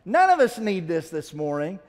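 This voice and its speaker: A man's voice: high-pitched, huge pitch swings, moderate pace, a little mellow. A male pastor preaching a sermon in a church, talking to the congregation in a conversational way and asking them questions. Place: church sanctuary. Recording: long hall reverb.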